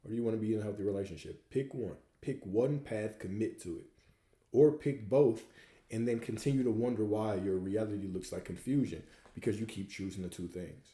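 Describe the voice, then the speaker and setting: With a lowish, dark voice, a livestream host races through viewer questions at a quick pace, hardly pausing at all. He coaches his audience and hammers home points with repeated rhetorical questions, all in a reverberant setting.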